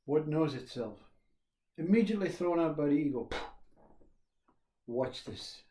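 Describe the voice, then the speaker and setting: A man giving a slow, reflective spiritual talk, repeating questions and pausing often. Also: on the high side, expressive, mellow, reverberant. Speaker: spiritual teacher.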